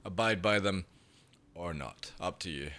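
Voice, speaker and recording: On his livestream, a young man from the UK rambles through casual chat, swearing and laughing as he reads viewers' messages. His voice is deep, bright and pushed, and he talks a little slowly.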